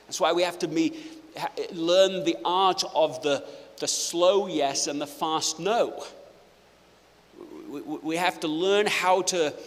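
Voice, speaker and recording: A man giving a live presentation to an audience, playful and energetic, often restarting his phrases. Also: a little high. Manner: energetic, self-interrupting, playful. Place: auditorium with audience. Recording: hall reverb.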